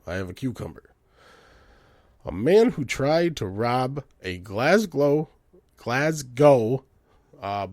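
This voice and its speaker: A man rants and swears with a lively, bouncing pitch, jumping from loud outbursts to low mutters. His voice sounds dry and close to the mic, with no room echo. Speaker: podcast host. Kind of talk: profane comedic rant.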